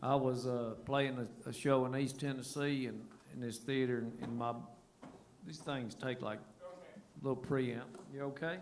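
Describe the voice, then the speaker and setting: A man's voice: mid-range voice, steady tone, a little slow, a little hiss or hum. A man, a singer-songwriter telling folksy, laughing stories between songs at a live show. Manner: folksy, laughing, drawling banter. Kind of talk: on-stage storytelling between songs. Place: live music venue stage.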